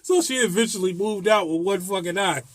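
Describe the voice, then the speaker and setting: A man's voice: high voice, brisk, dry recording. A man, a landlord, telling a rambling, profane story about a tenant in a casual vlog, laughing often.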